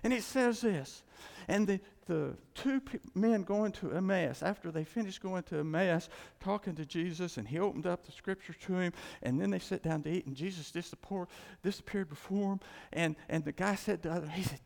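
A man preaching a casual, animated sermon, full of asides and acted-out dialogue. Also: high-pitched, moderate pace, vocal fry. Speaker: pastor. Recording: church hall with long reverb.

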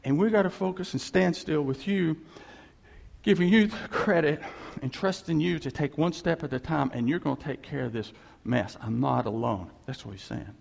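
A man's voice: on the high side, normal speed, vocal fry, darkish tone, in a large hall. A man preaching a sermon in a conversational, wry way, often speaking God's lines in a casual voice. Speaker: pastor.

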